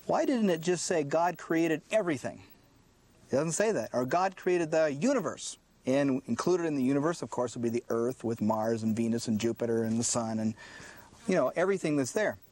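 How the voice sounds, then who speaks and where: A man's voice: medium pitch, animated, moderate pace, darkish tone. A man preaching a sermon, often saying "listen" and posing questions he answers himself. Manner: emphatic, repeats "listen" to drive points home; asks rhetorical questions and answers them.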